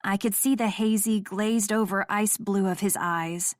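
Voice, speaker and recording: A woman narrating a first-person romance audiobook in a measured, emotional reading. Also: medium pitch, steady tone, no echo, studio quality.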